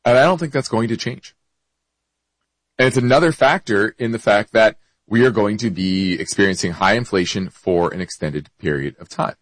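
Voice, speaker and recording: A man's voice: fairly low pitch, normal speed, no echo, poor audio. A man hosting an investment show, explaining markets and answering a listener's question, with hiccups and frequent self-corrections.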